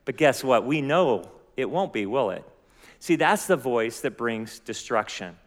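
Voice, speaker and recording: A man's voice: medium pitch, animated, a little slow. A man preaching a sermon as pastor, earnest and often asking his listeners questions. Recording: long hall reverb.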